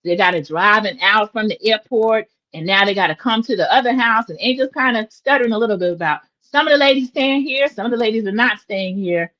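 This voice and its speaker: A woman in her forties talks through a reality TV episode in a casual, opinionated way, calling out to her viewers. Her voice sits at a middle pitch. The recording is dull and lo-fi, like a home setup. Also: brisk, hardly any pauses, a bit bright. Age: 40s. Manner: opinionated, chatty, addresses viewers as y'all. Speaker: recap host.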